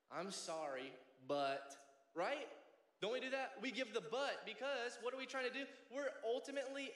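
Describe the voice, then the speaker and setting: A man's voice: high voice, fairly bright tone. A man in his thirties preaching a sermon as pastor, passionate and conversational, often checking in with "right?". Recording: echoey hall reverb.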